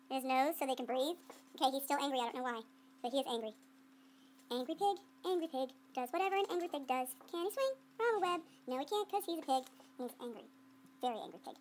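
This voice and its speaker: A woman's voice: sits high, a bit bright. A woman art teacher giving a playful running commentary while she demonstrates clay sculpting to students.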